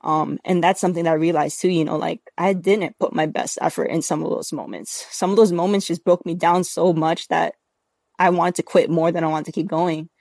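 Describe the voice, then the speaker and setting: A woman's voice: fairly low pitch, brisk, creaky, darkish tone, no room sound, studio quality. Earnest woman, rambling interview guest. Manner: earnest, rambling with many fillers. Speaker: podcast guest, athlete. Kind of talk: casual interview talk.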